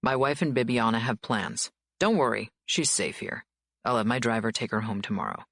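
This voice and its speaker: A calm, low-voiced mafia boss. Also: female voice, breathy edge, dry recording, full character voice. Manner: calm, low, measured delivery. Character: cool, controlled male mafia boss.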